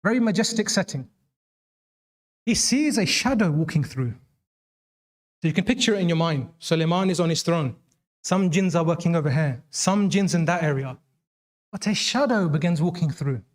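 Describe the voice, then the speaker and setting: A male preacher tells stories in a sermon, raising his voice sharply for the lines he quotes. His voice sits a little higher than most men's. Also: animated, normal speed, long pauses. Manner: dramatic, voices quoted lines with rising pitch. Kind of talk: sermon storytelling.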